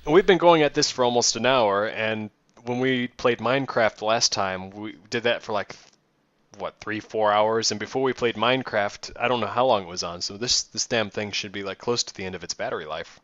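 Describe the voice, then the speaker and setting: A man hosting a casual online chat over a headset, joking and teasing loudly. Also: on the low side, moderate pace, no echo. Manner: loud, teasing jokes. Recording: dull dry headset audio.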